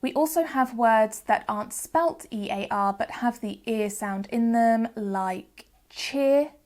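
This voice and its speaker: A young woman from the UK hosting a phonics lesson, explaining patiently and sounding out examples slowly and clearly. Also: on the high side, a little mellow. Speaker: phonics teacher and channel host. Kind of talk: educational video lesson.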